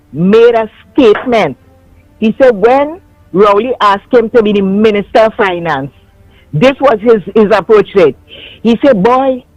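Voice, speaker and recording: A man calling in to a radio talk show, making a measured observation and retelling an anecdote. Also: sits high, dry recording, low-quality recording. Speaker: caller. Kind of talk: call-in radio commentary.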